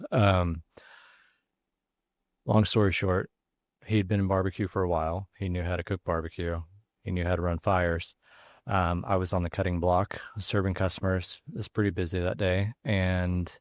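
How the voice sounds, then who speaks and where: A man who runs a barbecue restaurant, telling a story as an interview guest, casual and halting with lots of fillers and restarts. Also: sits low, fairly even intonation, no echo, clean studio sound. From Texas. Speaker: pitmaster and restaurant owner, guest.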